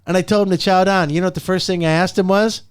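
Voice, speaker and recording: Hosting a motivational podcast, this man tells stories with lots of animation and frequent laughter, his pitch rising and falling to stress points. The sound is studio quality, free of any echo.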